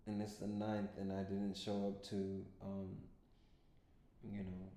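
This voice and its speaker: A man's voice: monotone, slow pace, warm tone. A man vlogging, casually telling a rambling story to his own camera mic, with lots of fillers. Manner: rambling, laid-back, full of fillers. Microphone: self-recorded camera mic. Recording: echoey room with faint rumble.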